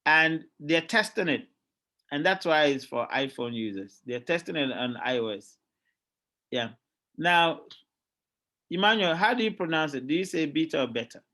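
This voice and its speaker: A middle-aged man with a Ghanaian accent, giving a lively classroom lecture as a university lecturer and often checking in with his students. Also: a little high, normal speed, long pauses. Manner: lively, keeps checking in with "all right?" and quizzing students.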